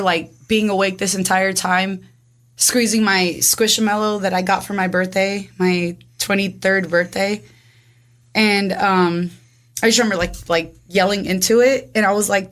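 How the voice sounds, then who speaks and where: Twenties woman telling her story, super animated, tons of "like", acts out every line, mid pitch. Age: 20s. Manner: rapid, animated, acts out dialogue with frequent "like". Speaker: guest. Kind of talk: casual storytelling.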